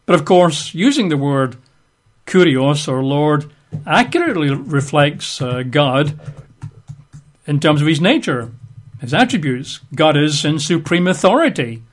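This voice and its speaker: A man leads a Bible study with a voice pitched a little high. He works through the text methodically, spells out words letter by letter and adds emphatic rhetorical asides. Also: big pitch swings, a little slow. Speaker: Bible teacher.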